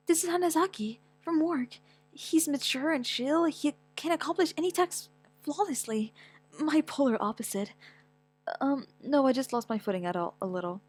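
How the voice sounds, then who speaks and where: A young woman reading a manga aloud with dramatic, stammering delivery and wailing outbursts. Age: young adult. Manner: animated, quick pitch swings, stammers, whiny wails. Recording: dry close mic with faint music.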